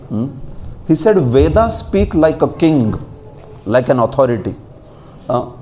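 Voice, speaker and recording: A man's voice: medium pitch, mellow, a little hiss or hum. A man with an Indian English accent giving a scripture class, conversational and often checking in with his listeners. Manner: conversational, checks in with "huh?" and "hmm?", acts out little dialogues. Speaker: spiritual teacher.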